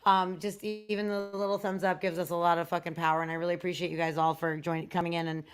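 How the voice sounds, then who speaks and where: A woman's voice: fairly low pitch, little pitch movement, fast talker, clear, resonant tone. A woman co-host on a video call from a hotel room, chatty and effusive, swearing casually. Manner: chatty, profane, effusive thanks. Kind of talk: casual chat.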